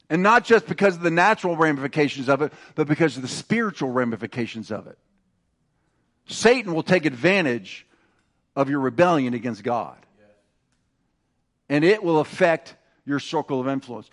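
A man's voice: fairly high pitch, a bit bright. A man pastor preaching an emphatic sermon, calling on the congregation to repeat phrases after him. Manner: emphatic, calls for congregation responses.

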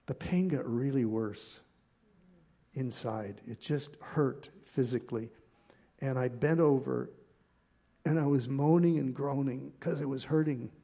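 A man preaching a sermon, telling a personal story in an animated, conversational way. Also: medium pitch, creaky, slightly rough. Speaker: pastor.

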